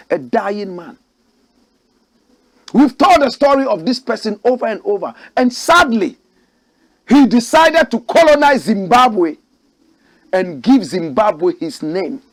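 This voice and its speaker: A Ghanaian man hosting a political commentary show, preaching in rhetorical, outraged bursts. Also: sits high. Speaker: host.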